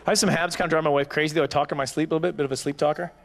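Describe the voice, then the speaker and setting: A man in his forties doing animated, self-mocking stand-up comedy at a banquet, on a handheld microphone. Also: on the high side, very fast. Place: banquet hall stage.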